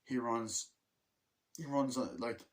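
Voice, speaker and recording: A man's voice: medium pitch, fairly even intonation, takes it slowly. A man giving a casual, rambling movie review, swearing freely and humming the score as he retells scenes.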